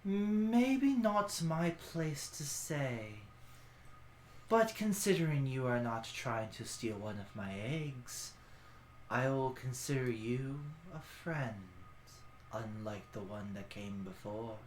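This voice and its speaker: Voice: mid-range voice, slight background noise, close to an everyday voice. A game master voicing an ancient dragon brood mother. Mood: solemn. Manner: slow, hushed, deliberate speech. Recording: echoey room.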